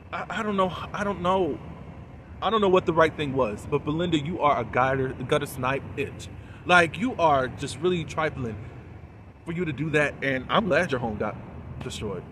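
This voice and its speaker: A man giving a casual, animated recap and review of a TV episode, full of fillers and quoted lines. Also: on the high side, a little hiss or hum.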